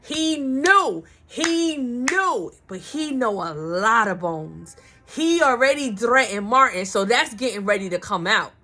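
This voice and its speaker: High-voiced gossipy woman recapping soaps. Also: slow. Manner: animated, gossipy, slangy, acts out characters' lines. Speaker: soap opera recap vlogger. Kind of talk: casual chatty TV recap.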